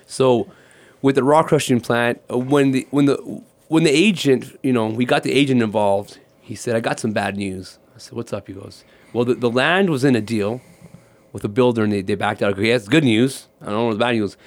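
A man's voice: medium pitch, brisk. A man, a ministry guest, telling his personal testimony and acting out the conversations in it. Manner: animated storyteller acting out dialogue.

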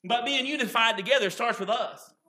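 A man preaching in a folksy, repetitive style, his voice high and bright. He leans on homespun stories. His voice rings out through an echoey church sanctuary. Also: brisk. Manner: folksy, repeats "can I tell you what". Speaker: pastor. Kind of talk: sermon.

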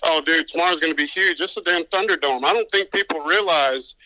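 A man with a Southern drawl and a bright, forceful tone sits somewhat high in his range. He talks in quick bursts of hype and swearing, like he is plugging a big event. The sound is close and dry. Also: no echo, rough recording. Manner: hyped, profane, fast-talking promo delivery. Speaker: podcast guest. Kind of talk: casual chat.

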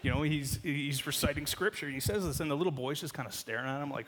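A man in his thirties, a pastor giving a sermon, telling a lively story from his family life and often laughing at his own jokes before leading a prayer. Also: a little high, a little fast, a little hiss or hum. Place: church sanctuary. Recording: long reverb of a church hall.

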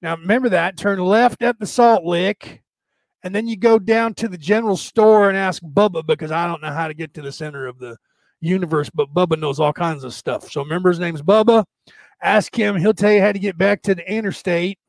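A sly country gas station man drawls his directions in a thick Southern accent, put on by a man. His voice sits high and the delivery is slow and mocking. The recording is dry and close. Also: gravelly, dry recording. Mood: teasing.

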